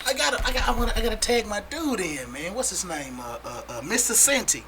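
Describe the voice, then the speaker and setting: A man hosting a podcast, talking casually and in an animated way as he hypes up his guest. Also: sits high, fast talker, crowd noise. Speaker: podcast host.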